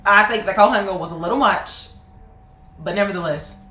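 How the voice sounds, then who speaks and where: A woman in her twenties telling a personal story to her viewers in a casual, animated way, laughing often. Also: medium pitch, fairly quick, faint music behind. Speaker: vlogger. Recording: roomy echo.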